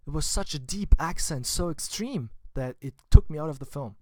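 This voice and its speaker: A man's voice: fairly high pitch, animated, normal speed, warm tone, no room sound. Chatty man reviewing films, dry sound. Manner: chatty and informal, with wry asides. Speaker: film vlogger. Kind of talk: casual spoken film review.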